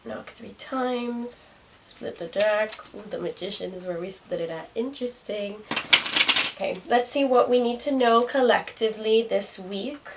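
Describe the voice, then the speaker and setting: A woman's voice: medium pitch, moderate pace. A young woman doing a casual tarot reading to camera, musing aloud and laughing at herself. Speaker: tarot reader. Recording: distant mic, faint noise.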